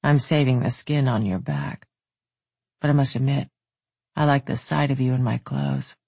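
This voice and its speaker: A narrator voicing a strong, tender, confident man who talks in a low rumbling murmur, read in a dry, husky voice. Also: steady tone, normal speed, warm tone, no room sound.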